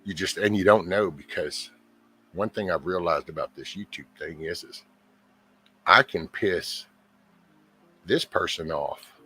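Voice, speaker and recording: A man hosting his own channel, talking in a casual, profane, exasperated ramble and mimicking other people in quick asides. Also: low voice, bright, forceful tone, slightly rough. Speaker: YouTube channel host.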